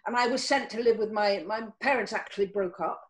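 An older actress from Cornwall, talking casually on a video call and telling stories with many restarts. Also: female voice, a little fast, poor audio. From Cornwall, England. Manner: warm storytelling with lively pitch, many restarts. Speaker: actress guest.

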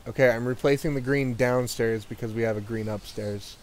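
A man's voice: medium pitch, steady tone, a little fast. A man with a mid-range voice chats casually with friends during a game, asking questions and explaining things plainly. A faint hiss lies behind his voice. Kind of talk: casual gaming chat.

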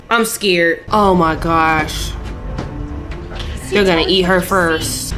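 A woman's voice: medium pitch, slow pace, faint music behind. A young woman reacting to a film, talking to the characters and shrieking. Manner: animated, talks to screen, shrieks. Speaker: YouTuber.

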